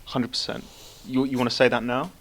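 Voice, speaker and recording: A man's voice: mid-range voice, flat delivery, brisk, a crowd in the background. A man with a smoker's voice, a podcast guest bantering in a brash, teasing, profane way.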